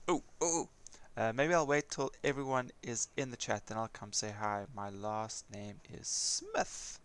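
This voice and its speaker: A man's voice: fairly low pitch, slow, a bit bright, clean tone. A man chatting casually while gaming, a rambling storyteller who chuckles often, with a non-American English accent. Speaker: gaming streamer.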